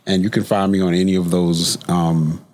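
Deep-voiced relaxed man guest. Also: moderate pace, a little hiss or hum. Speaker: podcast guest, teacher. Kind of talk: casual chat.

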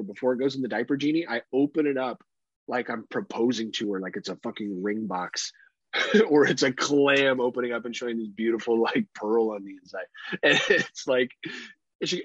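Thirties dad co-host, husky and dry, swears freely, animated storyteller. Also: male voice, mid-range voice, brisk, no echo, highs cut off. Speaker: podcast co-host. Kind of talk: casual chat.

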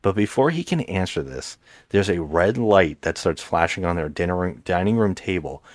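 Deep-voiced rambling male podcaster. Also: lively intonation, moderate pace, no room sound. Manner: rambling, hesitant storyteller with many restarts. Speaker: podcast co-host. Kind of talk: casual movie recap chat.

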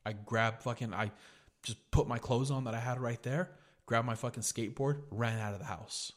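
A man's voice: medium pitch, steady tone, normal speed. A young man hosting a podcast, telling a story in a casual, profane way and saying "dude" a lot. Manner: profane, laid-back, says "dude" a lot. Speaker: podcast host.

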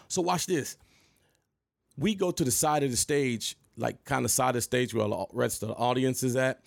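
A man in his thirties casually telling an animated story to camera, laughing and jumping high when he quotes himself. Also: moderate pace, vocal fry, no room sound, clean studio sound. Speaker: vlogger.

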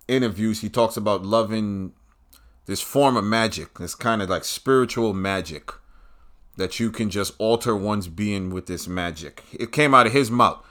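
A man's voice: on the low side, a bit bright. A man hosting his own show, delivering a blunt, profane and combative solo rant with scornful, emphatic jabs on key words. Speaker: podcast host.

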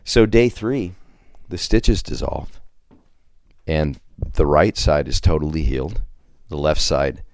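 A man with a low, deep voice tells a crude story in a studio, swearing freely and slipping into the voices of people he quotes. The sound is dry and close, with no room echo. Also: slow pace, pauses often. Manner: animated, swearing, acts out quoted lines. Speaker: podcast guest. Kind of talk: casual profane storytelling. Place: podcast studio.

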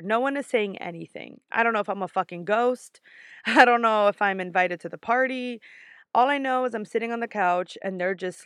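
A woman podcast host with a mid-range voice spins a personal story in loose, confessional chat. She swears freely and laughs easily. The sound is dry and close, with no room echo. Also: medium pitch.

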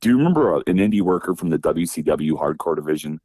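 A man from Wisconsin, a former pro wrestler, telling old road stories as an interview guest. His voice sits very low and mellow. He acts out the people he quotes and laughs often, recorded close and dry. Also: expressive, quick pace, no echo. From Wisconsin, USA. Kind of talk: casual storytelling interview.

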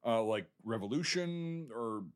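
A man's voice: medium pitch, expressive, measured pace, clean tone. A man from the United States co-hosting a podcast, talking bluntly and profanely in a rambling casual chat about a film. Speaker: podcast co-host.

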